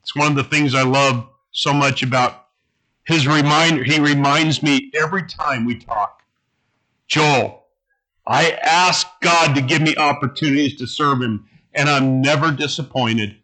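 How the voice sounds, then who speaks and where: Male pastor, slow, bright-toned earnest sermon delivery, halting phrasing. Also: on the high side, rough recording.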